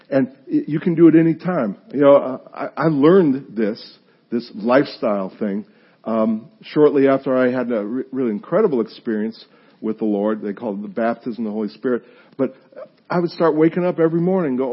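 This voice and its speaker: Husky-voiced man preaching conversationally. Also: mid-range voice, a little fast, lo-fi sound. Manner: animated, acts out listeners' reactions, self-deprecating humor. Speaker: pastor. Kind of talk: conversational sermon.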